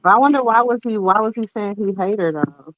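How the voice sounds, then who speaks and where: A woman's voice: mid-range voice, a little fast, lo-fi sound, background noise. A woman co-hosting a podcast, putting short, eager follow-up questions to the storyteller. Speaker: podcast co-host. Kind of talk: casual chat.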